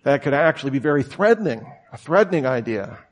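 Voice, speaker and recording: Guy in his 30s preaching real casual, storytelling, mid-pitched voice. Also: sing-song, fast talker. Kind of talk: conversational sermon.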